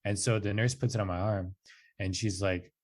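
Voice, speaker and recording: With a lowish voice and a moderate pace, this twenty-something man tells a personal story on a podcast where he's a guest. His delivery is loose and casual, full of "like" and "dude," and he gets animated, pitching his voice higher when quoting others.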